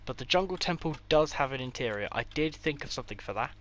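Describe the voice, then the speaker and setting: A man's voice: medium pitch, expressive, fast, slight background noise. A man giving a casual, rambling tour of his game builds, with offhand delivery and dry sarcastic asides. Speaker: gaming creator.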